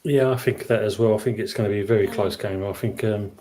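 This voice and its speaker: A man with a husky, low-ish voice, rattling off quick football banter. He speaks fast and offhand. The sound comes over a video call. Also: steady tone, dark tone. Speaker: football podcast panelist. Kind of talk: casual chat.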